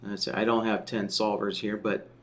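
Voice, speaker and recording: A man teaching a software tool in a screen-share tutorial, explaining step by step and often checking in with "right?" while he thinks aloud. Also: fairly low pitch, level tone, a little fast. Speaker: software trainer.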